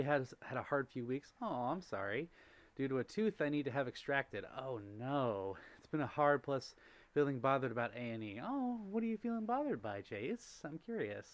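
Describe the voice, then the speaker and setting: A man's voice: mid-range voice, dry recording. A young man hosting a holiday livestream in a casual, gushing way, reading out and answering chat messages. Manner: gushing, softly animated, reads out chat messages. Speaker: livestream host.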